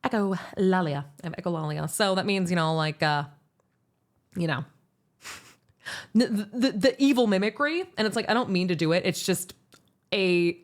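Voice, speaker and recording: A young American woman hosting a livestream, chatting casually and answering chat in a rambling, animated way with laughs. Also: lowish voice, normal speed, pauses often. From United States. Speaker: VTuber streamer.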